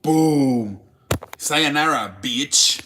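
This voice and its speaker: Guy on a live sports stream, sharp bright voice, rambling and cussing, talking to chat. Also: on the high side, drawn-out words, a little hiss or hum. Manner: rambling, profane, talks to chat viewers.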